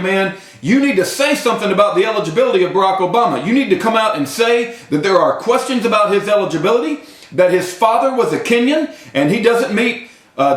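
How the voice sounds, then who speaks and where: A man, ranting straight to a camera at home, impassioned and breaking into yelling. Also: high-pitched. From Texas. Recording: roomy echo.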